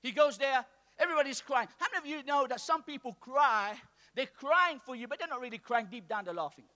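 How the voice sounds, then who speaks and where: Guy preaching in church, real high pitched, bright and sharp, gets loud then drops soft. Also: expressive, a little fast. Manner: call-and-response preaching, swings from soft to shouting. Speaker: pastor. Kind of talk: sermon. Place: church hall with congregation.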